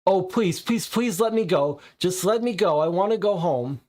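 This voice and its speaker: A man's voice: high voice, lively intonation, normal speed, a little mellow, slight background noise, voice pushed up. A man reading a game transcript aloud, voicing a terrified young woman who stammers frantic pleas for rescue.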